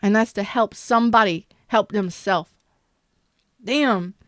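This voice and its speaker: Smooth-voiced, candid woman tarot reader. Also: mid-range voice, measured pace, no room sound, clean studio sound. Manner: candid and profane, greets viewers, speaks with emotional intensity. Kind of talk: live-streamed tarot reading chat.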